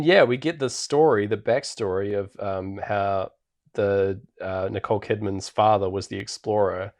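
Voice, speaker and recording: A man co-hosting a podcast, casually recapping a film with lots of ums and little laughs. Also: lowish voice. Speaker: podcast co-host. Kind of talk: casual chat.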